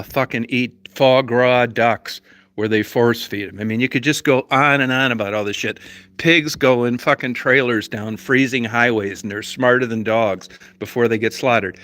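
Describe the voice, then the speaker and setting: Man, livestream host, swears constantly, rambling argumentative rant, sharp bright voice. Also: mid-range voice, dry recording. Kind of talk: profane storytelling rant.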